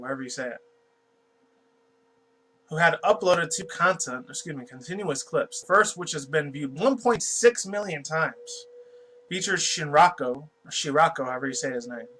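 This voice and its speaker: A man's voice: a little high, sharp tone, a little hiss or hum, low-quality recording. A man from New York giving a casual, rambling commentary as he reads a news article aloud, swearing often and stumbling over words. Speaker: YouTube commentator.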